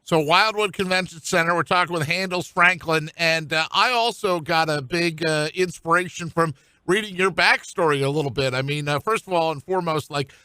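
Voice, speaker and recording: A man's voice: a little high, normal speed, hardly any pauses, sharp tone, clear, resonant tone, no room sound. A man hosting a sports radio show, asking questions in a rambling, chatty way full of fillers. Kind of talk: casual radio interview.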